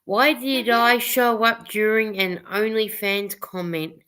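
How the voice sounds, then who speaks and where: Bright-voiced woman chatting live. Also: fairly high pitch, fairly even intonation, slow, clean tone. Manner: chatty, reads comments aloud, laughs often. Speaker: livestream co-host reading chat. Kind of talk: casual live chat.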